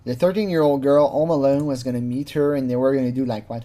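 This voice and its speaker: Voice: medium pitch, fast, hardly any pauses, warm tone. A casual true crime commentator who talks freely, laughs often, swears, and mimics the people being quoted.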